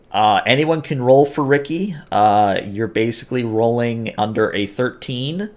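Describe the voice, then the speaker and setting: A man narrating as game master, hesitant and full of filler sounds. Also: fairly low pitch.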